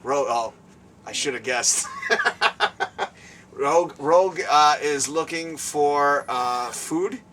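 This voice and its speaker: A man hosting a casual interview at a guest's home, excitable and rambling, laughing often, recorded from a distance. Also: a little high, slow pace, pauses often, a little hiss or hum. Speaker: show host. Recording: distant mic, faint room ambience.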